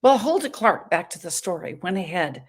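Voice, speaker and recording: A woman's voice: fairly low pitch, very animated, normal speed, slightly rough. A woman in her seventies hosting a talk show, telling a story in an emphatic, dramatic way from a hotel room. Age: 70s. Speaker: show host.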